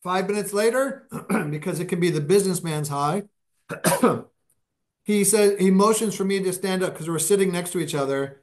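A man, a podcast guest, telling anecdotes in a casual, animated interview style, his pace speeding up and slowing down. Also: high voice.

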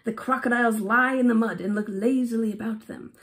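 A woman voicing a gentle little male swallow in a storybook reading, with an affected English-style accent and a sweet, pleading delivery. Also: fairly high pitch, fairly even intonation, brisk, lightly acted. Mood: wistful. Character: small male swallow, gentle and longing to leave.

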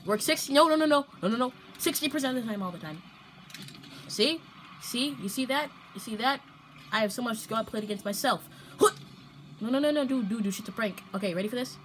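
A young woman commentating her own gameplay, playful and prone to loud outbursts and strings of repeated protests. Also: on the high side, fairly quick, a little hiss or hum, low-quality recording. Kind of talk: excited gaming commentary.

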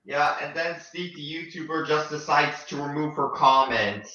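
A young man chatting casually on a stream, sounding tired and halting, with many fillers. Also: fairly high pitch, steady tone, bright, forceful tone. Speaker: stream co-host. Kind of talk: casual chat. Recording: lo-fi, echoey room.

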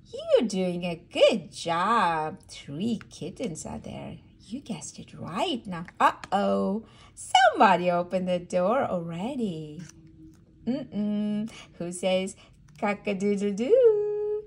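A woman's voice: mid-range voice, wildly swooping pitch, slow pace, husky. A woman reading a barn animal book aloud to a toddler, in a sing-song way with animal sounds. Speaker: storybook reader for toddlers. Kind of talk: read-aloud for babies.

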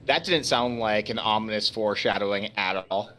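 A man's voice: fairly low pitch, moderate pace, pushed and bright. A young man co-playing a game, tossing out dry, darkly jokey banter in casual chat. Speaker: co-player. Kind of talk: casual let's-play banter.

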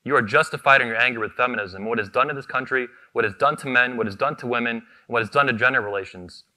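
A man of medium pitch and sharp tone delivers a fiery keynote at a convention he founded. Standing on stage at a microphone, he turns combative and profane, hammering short phrases again and again.

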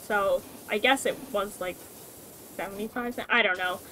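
A woman's voice: medium pitch, fairly even intonation, moderate pace, bright, forceful tone, a little hiss or hum, low-quality recording. A young woman streamer chatting casually and swearing freely while gaming. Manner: chatty, swearing, laughs often.

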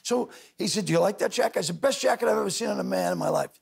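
An older man, a talk show guest telling loud rapid anecdotes and acting out other people's lines. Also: high voice, creaky, slightly rough. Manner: loud rapid storyteller, doing voices of others. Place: TV studio with audience.

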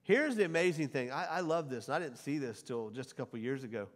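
A middle-aged male pastor preaching to a congregation, rising into loud scripture quotes and dropping back to conversational asides. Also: medium pitch, expressive, fast. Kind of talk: sermon. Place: church sanctuary before a congregation. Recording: long hall reverb.

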